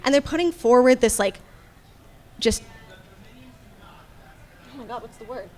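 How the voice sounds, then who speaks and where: Animated, high-voiced woman panelist. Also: fast talker. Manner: animated, casual, swears freely. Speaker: dungeon master and panelist. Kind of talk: convention panel talk.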